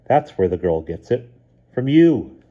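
A man's voice: mid-range voice, big pitch swings, measured pace, warm tone, husky, highs cut off, pitched above the performer's own voice. A man reading a storybook aloud, voicing a father who talks in a jovial, teasing way.

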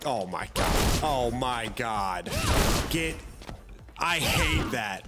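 A man giving live, excitable gameplay commentary, swearing and trash-talking his opponent. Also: mid-range voice, very slow. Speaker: gamer. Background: loud game music.

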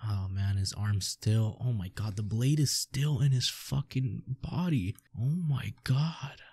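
A man's voice: lowish voice, fairly even intonation, a little slow, dark tone, husky, no room sound. A young man reading a manga aloud and reacting, swearing often and exclaiming in awe. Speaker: streamer.

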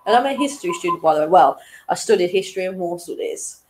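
A woman's voice: on the low side, expressive, fast, background noise. A young woman hosting an online quiz in a chatty, casual way, chuckling between questions. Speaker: quiz host.

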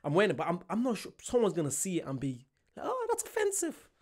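Excitable young man with a higher voice. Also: racing. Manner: excitable, laughs a lot, loud outbursts. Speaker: reaction vlogger. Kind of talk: casual reaction commentary.

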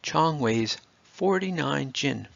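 Man playing a confident little boy, eager, slightly higher, gravelly. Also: lively intonation, takes it slowly, fairly bright tone, no echo, muffled recording, heavily acted. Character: clever, confident small boy.

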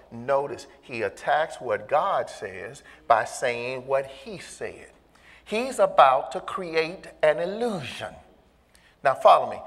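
A man preaches in a high, animated voice that swoops up and down as he pushes his point. He keeps pulling the congregation along with questions and asides. The long reverb of a church hall hangs behind every phrase. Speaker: pastor. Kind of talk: sermon.

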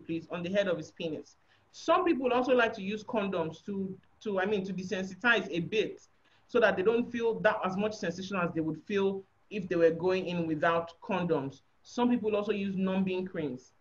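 A woman giving a frank, explanatory sexual health talk on a webinar, often checking that listeners understand. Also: medium pitch. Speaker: guest speaker on sexual health. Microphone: video call. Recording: dull lo-fi webinar audio.

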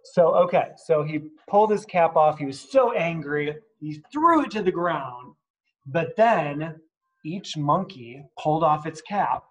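A man's voice: on the high side, lively intonation, measured pace, low-quality recording. A man reading a picture book aloud at story time, adding chatty asides and asking the kids questions, at home. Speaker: reader at children's story time.

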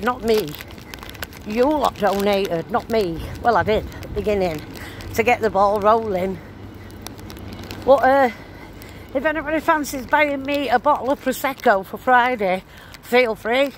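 Traffic and street noise fill this phone recording of an older woman vlogging on a town street. Her voice sits a little high as she chats on casually in a rambling, broad-dialect manner while walking.

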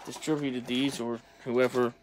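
A young man talking casually to viewers while opening sports cards, chatty and excitable. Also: mid-range voice, unhurried, a little hiss or hum. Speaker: sports card collector opening packs. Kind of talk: casual pack-opening vlog.

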